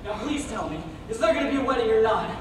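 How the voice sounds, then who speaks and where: A blustery, fretful old theater producer, as a young woman acts him out, exasperated and clutching at his weak heart, in a high voice. The sound comes from far back in a boomy hall with room noise around it. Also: expressive, fast, close to an everyday voice. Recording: echoey auditorium from far off.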